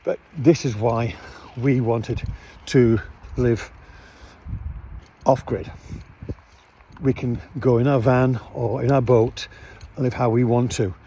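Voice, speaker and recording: Relaxed, rambling man vlogging outdoors. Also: medium pitch, slow pace, slight background noise. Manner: rambling, relaxed, many fillers. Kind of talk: casual vlog narration. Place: outdoors at night beside a parked van.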